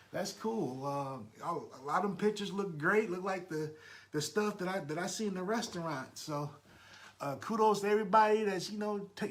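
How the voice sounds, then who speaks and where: A man's voice: high-pitched, fairly bright tone. A man hosting a live podcast, chatting casually and greeting his listeners by name. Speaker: podcast host.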